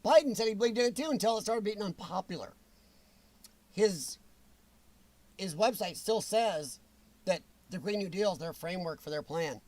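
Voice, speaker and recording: Blunt, high-voiced man ranting. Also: animated, normal speed, pauses often, a little mellow. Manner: blunt, ranting, reacts to viewer comments. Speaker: show host reading chat. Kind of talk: opinionated livestream talk.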